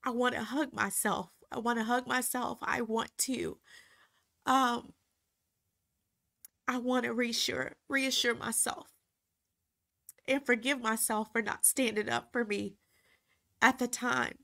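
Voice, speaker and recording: A woman who was once a reality TV cast member reflects emotionally and earnestly, halting at times and repeating phrases for emphasis. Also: fairly high pitch, steady tone, vocal fry, pushed and bright.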